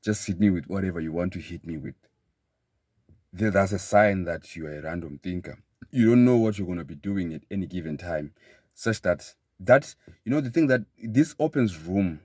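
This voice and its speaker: A man giving a motivational talk in an emphatic way, often repeating phrases and building to excited bursts. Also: sits low, breathy edge, no room sound, clean studio sound. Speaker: motivational speaker.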